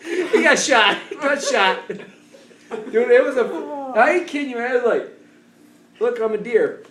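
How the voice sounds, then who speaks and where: A man telling a funny hunting story in casual chat, laughing a lot and breaking into loud shouts as he acts out the scene. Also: very high voice, animated, unhurried, echoey room, a crowd in the background. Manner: laughs constantly, voices get loud and shouty at the climax.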